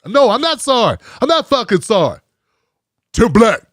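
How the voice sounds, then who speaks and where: Brief: middle-aged male host, very high animated voice, profane heated rant. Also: normal speed, no room sound, studio quality. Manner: fired-up, profane, mocking. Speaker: host of a live commentary show. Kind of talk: heated live commentary.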